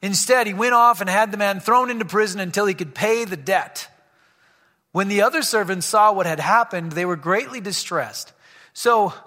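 A man's voice: high-pitched, sharp tone. A man preaching a sermon in a church, reading scripture and breaking off into casual, joking asides to the congregation. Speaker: pastor. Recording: long hall reverb.

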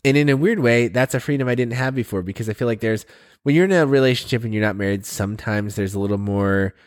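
A man in his thirties co-hosting a podcast, chatting casually and easily with quick asides. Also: medium pitch. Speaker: podcast co-host. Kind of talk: casual chat.

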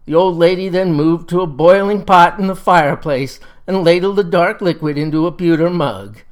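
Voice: medium pitch, normal speed. Wry, leisurely folksy storyteller. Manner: wry, leisurely yarn-spinning.

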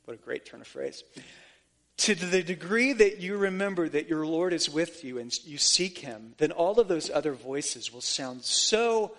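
Guy preaching a sermon, kinda high voice, earnest, leans hard on repeated lines. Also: expressive, unhurried. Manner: earnest, emphatic preaching with repetition. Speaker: pastor.

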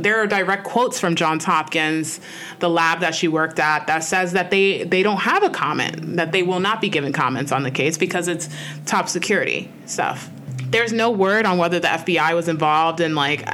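A woman co-hosting a podcast, speaking in an earnest, reflective way in a slightly low voice. She keeps it loose and conversational, leaning on "like" and "you know" as she thinks aloud. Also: normal speed, fairly bright tone, faint music behind. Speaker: podcast co-host. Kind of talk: casual conversational chat.

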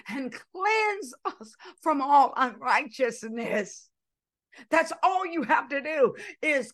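Impassioned woman preaching a sermon. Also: sits high. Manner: impassioned, shouts and drops to hushed asides.

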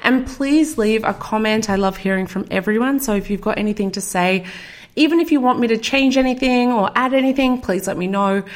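A woman's voice: a little high, brisk. A middle-aged woman hosting her own podcast, talking casually and enthusiastically as a marketing coach. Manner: upbeat, chatty, enthusiastic. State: out of breath. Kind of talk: casual solo podcast talk.

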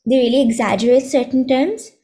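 A woman's voice: high voice, brisk, noisy background. A thirteen-year-old girl answering podcast questions thoughtfully, with some hesitation. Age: teens. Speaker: guest. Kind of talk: casual chat.

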